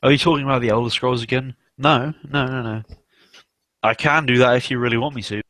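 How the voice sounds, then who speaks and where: A man's voice: mid-range voice, steady tone, a little fast, a bit bright, dry recording. A young man hosting a casual livestream chat, rambling and swearing, with many fillers. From South West England. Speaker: stream host.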